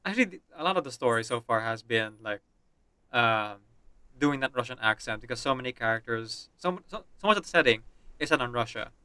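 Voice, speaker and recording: A man's voice: mid-range voice, animated, fairly quick, pushed and bright, clean tone, dry recording. A man streaming a game, chatting with viewers and reading the story aloud. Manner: apologetic, chatty.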